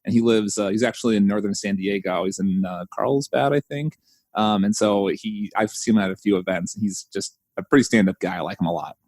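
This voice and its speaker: A man hosting a casual podcast chat, telling stories with animated jumps in his voice. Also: fairly quick, no room sound. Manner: animated storyteller, mimics voices with big pitch jumps. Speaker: podcast host.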